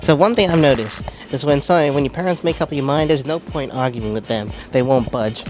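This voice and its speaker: A man's voice: medium pitch, fairly quick. A young man doing a self-deprecating stand-up routine on stage at a ball, telling stories and slipping into voices. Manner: self-deprecating, animated storytelling with acted-out voices. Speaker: stand-up comedian. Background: music.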